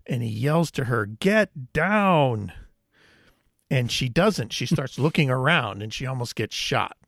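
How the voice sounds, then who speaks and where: A man co-hosting a podcast, chatting casually and telling an animated story, acting out quoted lines. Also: mid-range voice, normal speed, slightly rough, no echo, clean studio sound. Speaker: podcast co-host. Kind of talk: casual chat.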